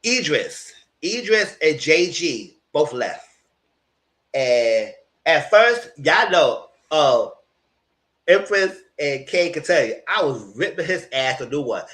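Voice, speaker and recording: A man giving casual, gossipy reality TV commentary, animated and freely profane. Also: a little high, takes it slowly.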